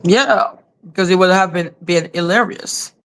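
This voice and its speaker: A woman with a Haitian accent talks on a livestream in a bright, smooth voice. She is sarcastic and scornful, and she swears freely. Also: lowish voice, unhurried. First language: French and Haitian Creole. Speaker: livestream host. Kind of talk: casual livestream commentary.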